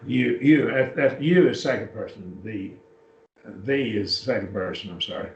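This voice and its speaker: With a medium-pitched voice and lively intonation, a man takes a Bible class through Greek word forms one step at a time, unhurried, while using a computer. He's in a church classroom, and the echoey, distant-mic recording sounds dull and lo-fi.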